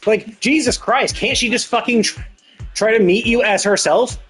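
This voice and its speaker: Male streamer, fed-up profane rant, fairly high voice, faint game music behind. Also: moderate pace, a bit bright, breathy edge. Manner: profane, exasperated ranting. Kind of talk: live gameplay commentary.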